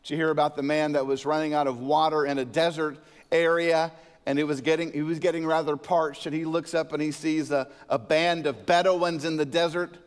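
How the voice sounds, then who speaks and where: A man, the senior pastor, preaching a sermon that mixes scripture with a told joke and lively emphasis. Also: fairly high pitch, a little fast, smooth. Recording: reverberant church hall.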